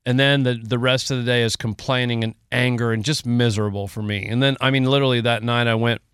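A man co-hosting a casual podcast, winding through a long personal story with emotion and easy laughter. His mid-pitched voice is smooth and resonant, recorded close and dry. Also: steady tone, fast, fairly bright tone, no echo. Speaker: podcast co-host. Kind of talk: casual chat.

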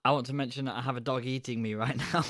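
A man with an average-pitched voice chats casually as a podcast co-host and laughs often. He reads facts from his notes in a relaxed way. The sound is dry and close. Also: fast, no echo. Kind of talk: casual chat.

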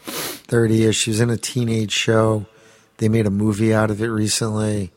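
A man's voice: lowish voice, completely flat delivery, moderate pace. A man chatting casually on a podcast, telling a rambling, profane story with lots of restarts. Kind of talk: casual chat.

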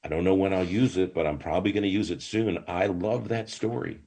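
An older man speaks with a deep, husky voice. He is a rabbi telling stories as a guest in an interview. His delivery is lively and swooping, full of restarts and asides. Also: fairly quick. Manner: animated, swooping storyteller with many false starts. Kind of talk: storytelling in a podcast interview.

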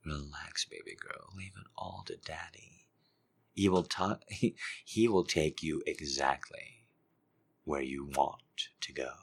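A dominant seducer, as a man puts him on murmurs in a slow, breathy whispered role-play. His very deep voice drops to near silence and then lifts again, dwelling on each word. He sounds unhurried and teasing. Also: sing-song, a bit bright, full character voice. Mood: soothing.

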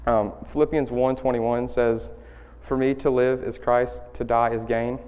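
A young man giving a student-led sermon, earnest and halting, with many ums and restarts. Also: medium pitch, level tone, darkish tone, clear, resonant tone. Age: young adult. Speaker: student speaker leading worship. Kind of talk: church sermon. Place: church sanctuary. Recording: hall reverb in a church.

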